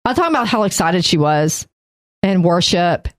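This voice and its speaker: A woman's voice: fairly low pitch, animated, brisk. A woman with a Texas accent, co-hosting a Bible study podcast in a rambling, self-deprecating way. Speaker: podcast co-host. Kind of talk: casual Bible study chat.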